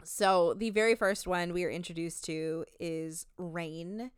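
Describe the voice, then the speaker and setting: A woman co-hosting a casual podcast, recapping a reality show with quick asides and frequent laughter. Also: on the low side, steady tone, smooth, no echo, clean studio sound. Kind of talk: casual chat.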